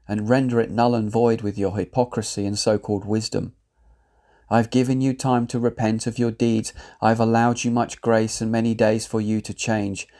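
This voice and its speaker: Gravelly low-voiced man. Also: darkish tone. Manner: measured, grave, declamatory. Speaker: lay prophet. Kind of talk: solemn reading of a prophetic word.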